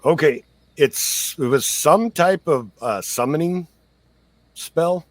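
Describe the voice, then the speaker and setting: A man's voice: on the high side, animated, takes it slowly, no echo. Man, dungeon master, easygoing, hesitant, dry close sound. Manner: easygoing, hesitant, explains rules. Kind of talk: narrating a tabletop game.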